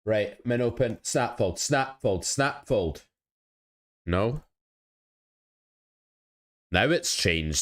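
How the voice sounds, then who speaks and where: Young man, low voice, casual stream host who talks to chat while he plays and coaches. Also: lively intonation, extremely slow, pauses often, fairly bright tone. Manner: chatty, self-critical, talks to chat. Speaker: poker coach streaming his play. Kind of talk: casual live-stream commentary.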